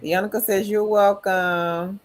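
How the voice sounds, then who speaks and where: A woman's voice: medium pitch, fairly even intonation, unhurried. A woman hosting a livestream, reading viewers' chat comments aloud in an upbeat, friendly way. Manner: upbeat, calls viewers queen. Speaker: livestream host.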